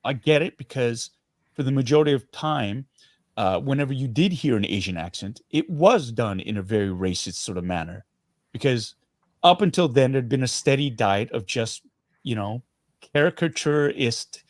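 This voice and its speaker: A middle-aged man from Canada, a guest actor speaking in a casual interview, earnest and animated, often restarting his sentences. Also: mid-range voice, moderate pace, no room sound, clean studio sound.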